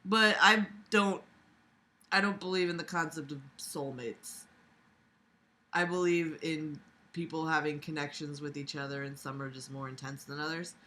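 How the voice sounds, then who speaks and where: Snarky woman reader, piercingly bright tone, cuts in with crude asides. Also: deep voice, steady tone, moderate pace. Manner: sarcastic, profane, many fillers. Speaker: reader of a fan story. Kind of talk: dramatic reading with mocking commentary.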